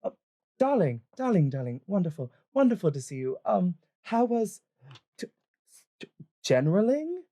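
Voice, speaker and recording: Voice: mid-range voice, very animated, normal speed, long pauses, mellow, voice pushed up. A game master voicing a scheming half-elf woman who gushes with fake sweetness. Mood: gushing. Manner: gushing, stammering, theatrical.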